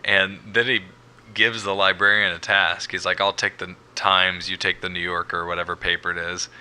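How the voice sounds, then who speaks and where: Man, very deep voice, sharp bright tone, easygoing podcast co-host, swears casually. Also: level tone, moderate pace, smooth. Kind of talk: casual recap chat.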